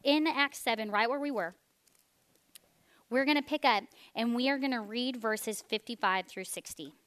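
A woman, preaching a sermon as an animated storyteller who drops to a hush for weighty points. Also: on the high side, normal speed, smooth. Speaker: speaker.

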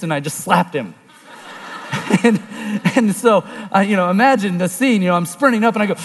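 Male storyteller-preacher, high tenor, lively story voices that turn hushed for the serious part, long hall reverb. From Oklahoma. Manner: animated storyteller, acts out voices, drops low and quiet for serious points. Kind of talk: storytelling sermon.

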